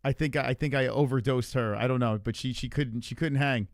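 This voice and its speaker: A man's voice: mid-range voice, steady tone, fairly quick, no room sound, studio quality. A man hosting a livestream, chatting casually and reading the chat in a rambling, profane way. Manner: rambling, loose and swearing a lot.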